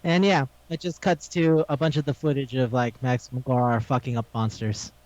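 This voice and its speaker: A podcast co-host with a medium-pitched voice recaps an anime episode a little fast, acting out the quotes and laughing often in animated storytelling. The casual recording has no echo, and its highs are cut off.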